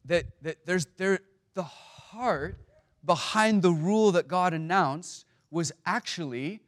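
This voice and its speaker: A man's voice: high-pitched, slow, a bit bright. A man giving a sermon as a pastor, speaking conversationally with many stammered restarts and fillers.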